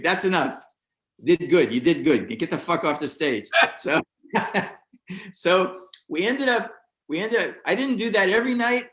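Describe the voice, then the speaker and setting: In a relaxed interview, an older American comic animatedly recounts his first years doing comedy, pitching his voice up to mimic the people in the story. The recording sounds echoey and roomy.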